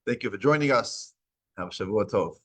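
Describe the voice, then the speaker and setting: Husky man telling a Torah story. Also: fairly low pitch, expressive, a little fast, a bit bright. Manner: acts out dialogue in retold stories. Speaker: Torah class teacher.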